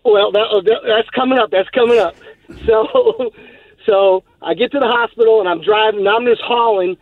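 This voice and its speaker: A man's voice: sits high, moderate pace, no room sound. A male caller telling a long story on a radio show in a rambling, laughing way with many fillers, heard over a phone line. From Texas. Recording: tinny phone line, dry.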